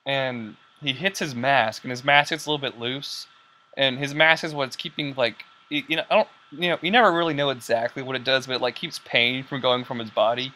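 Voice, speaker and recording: A young man hosting a casual podcast, rambling excitedly with lots of fillers and quoted lines. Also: mid-range voice, fairly quick, a little hiss or hum. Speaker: podcast host. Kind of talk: casual chat.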